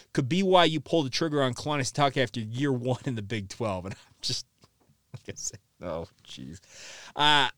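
A man's voice: medium pitch, fairly bright tone, no echo. A man hosting a sports talk podcast, delivering an emphatic, opinionated monologue into a close microphone. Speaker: podcast host.

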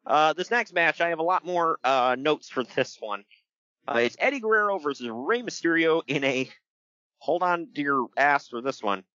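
A man co-hosting a podcast, recapping wrestling matches in casual chat, animated and laughing often. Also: medium pitch, no echo, lo-fi sound. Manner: animated, laughs often, breaks into loud impressions. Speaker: podcast co-host.

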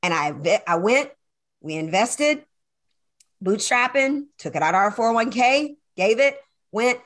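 Woman on a podcast telling her story, pretty high voice, acts out what she said back then, laughs a lot, says y'all. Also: measured pace. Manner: animated, acts out her own past dialogue; addresses listeners as y'all. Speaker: podcast guest, sales coach. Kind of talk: personal storytelling in conversation.

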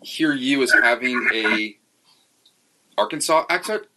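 A man's voice: mid-range voice, animated, slow pace, noisy background. A man hosting a podcast, talking over a remote call and asking chatty, friendly questions. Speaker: podcast host. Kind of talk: podcast interview. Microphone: remote call with some feedback.

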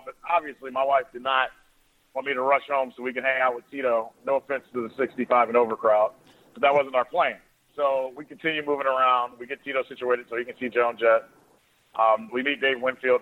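Man in his 40s, rapid rambling storyteller, radio host, phone-thin sound. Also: medium pitch, narrow, tinny audio. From Ohio. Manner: rapid, rambling anecdotes with quoted asides. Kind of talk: casual storytelling.

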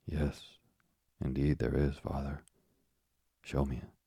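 An earnest young sailor pleads eagerly with his father in a storybook reading, as a male narrator puts him on. The voice is deep, gravelly and husky despite the youth of the figure, with a flat, even delivery. The sound is dry and close. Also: slow pace, dry recording, full character voice.

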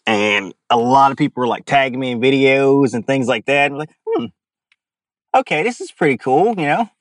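A man's voice: mid-range voice, moderate pace, no room sound. Laughing young man telling stories. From Louisiana. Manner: animated storyteller, acts out quoted voices, laughs often. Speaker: guest, animal caller. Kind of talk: casual storytelling in an interview.

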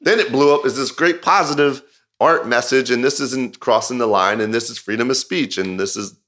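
A man's voice: mid-range voice, moderate pace. A man who directs music videos, telling a story in an interview in a casual, rambling way, full of "like" and with bursts of laughter. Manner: rambling, filler-heavy storytelling with frequent "like"; animated, laughing retelling.

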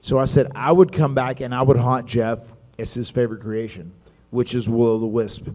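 A man co-hosting a live stage talk show, telling lively anecdotes and laughing as he goes. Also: medium pitch, normal speed. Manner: animated storyteller, laughs through anecdotes. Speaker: co-host and wrestler.

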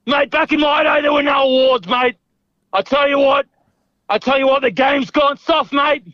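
A man doing a yelling, cranky old-school reporter. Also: very high voice, steady tone, moderate pace, no echo. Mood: ranting. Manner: yells, repeats "mate", blunt and combative. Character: shouting, cranky male veteran sports journalist. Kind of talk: comedy impression on a phone call. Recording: muffled phone line.

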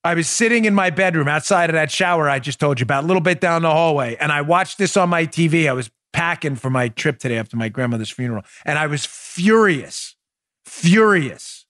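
A man delivers opinionated solo commentary on his own podcast, animated and sarcastic by turns. His voice sits slightly higher than most men's. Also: quick pace, hardly any pauses. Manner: animated, sarcastic, breaks into laughter. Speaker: political podcast host.

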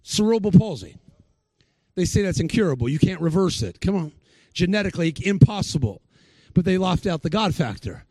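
A man's voice: high-pitched, animated, brisk, a little mellow, dry recording. A male preacher giving a sermon, telling stories and acting out the people he quotes. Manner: storytelling, acts out the people he quotes.

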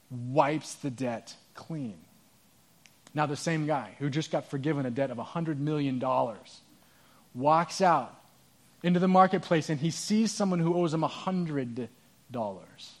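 A pastor preaching a sermon, telling a story in an earnest, conversational way. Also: male voice, on the high side, measured pace, long pauses.

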